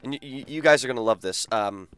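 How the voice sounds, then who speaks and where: A man's voice: medium pitch, fast, fairly bright tone, clear, resonant tone, faint music behind. A man streaming a game, bantering with his chat in a crude, teasing way. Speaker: gaming streamer. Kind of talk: casual live-stream chat.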